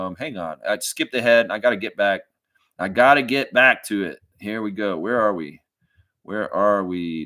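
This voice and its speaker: A man's voice: fairly low pitch, expressive, normal speed, bright, forceful tone, dry recording. Rambling, profane male livestream host. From southern United States. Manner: rambling with many fillers, flaring into profane rants. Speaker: sports fan livestream host. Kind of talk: casual live reaction chat reading comments.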